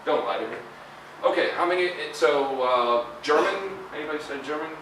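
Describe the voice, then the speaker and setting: A man's voice: on the high side, fairly quick, a bit bright, a little hiss or hum. A middle-aged man giving a conversational university career talk, full of fillers and tag questions. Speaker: guest lecturer. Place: lecture hall. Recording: echoey hall, far from mic.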